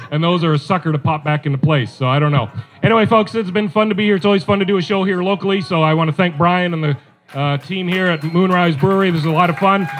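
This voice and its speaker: Man, stand-up comedian, high voice, animated, self-deprecating, live brewery show. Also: low-quality recording.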